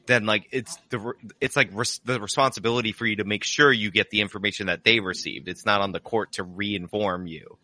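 Male co-host, bright and lively, rambling commentary, dry recording. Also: fairly low pitch, a little fast, few pauses, no room sound. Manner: rambling, restarts, mock impressions. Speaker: livestream co-host. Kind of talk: casual commentary chat.

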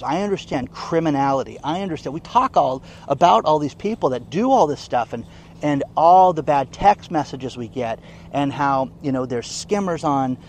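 Emphatic male vlogger with a higher voice, casual commentary, faint background noise. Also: darkish tone. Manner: indignant, emphatic, keeps asking "okay?". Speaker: online commentator. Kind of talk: casual news commentary vlog.

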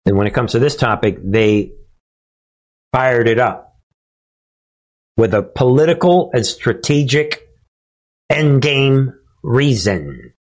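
A male host delivering a political commentary monologue, chuckling and sarcastic as he talks. His pitch swings up and down freely, and he takes his time between phrases. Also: expressive, takes it slowly, long pauses.

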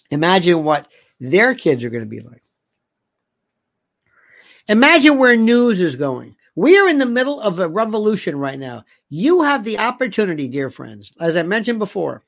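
An older host giving an animated, indignant monologue, reading listener comments aloud and firing off rhetorical questions. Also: mid-range voice, creaky, no room sound, clean studio sound.

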